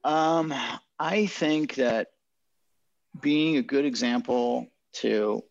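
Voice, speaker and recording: Middle-aged man, podcast guest, rapid talker who restarts a lot, gravelly voice, slightly dull recording. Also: mid-range voice, no echo. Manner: fast, restless talker with many restarts. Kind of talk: casual interview chat.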